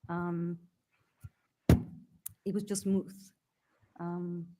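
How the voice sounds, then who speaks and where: A woman's voice: on the low side, little pitch movement, drawn-out words, background noise. A woman testifying at a hearing as a witness, speaking hesitantly with many fillers and restarts.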